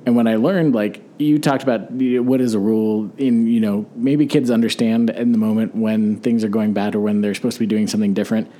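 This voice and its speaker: A man's voice: lowish voice, steady tone, fairly quick, hardly any pauses, dark tone. A father of five as a podcast guest, talking reflectively and thinking aloud about parenting. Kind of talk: casual podcast chat.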